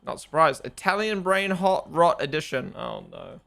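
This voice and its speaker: A young man reacting live on stream, talking in an excitable, casual way and repeating his exclamations. His voice sits a little high, with a gravelly fry under a bright, tense edge. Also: normal speed. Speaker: streamer watching a race broadcast.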